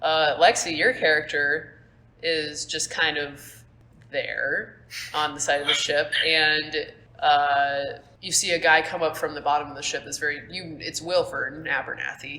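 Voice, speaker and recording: A woman's voice: sits low, fairly even intonation, measured pace, bright, forceful tone, slight background noise. A young woman narrating a tabletop game as game master, casual and rambling, recorded on a phone at school. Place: school room.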